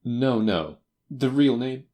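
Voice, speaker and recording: A man voicing a confident, faintly teasing detective in a crisp, assured manner for an audiobook. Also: on the low side, big pitch swings, normal speed. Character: brisk, confident male detective. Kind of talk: audiobook character voice.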